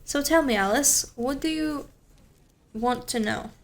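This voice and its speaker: A woman's voice: high-pitched, unhurried, voice pushed up. A woman voicing a cheerful middle-aged Greek man who runs a restaurant, speaking in a friendly, chatty way.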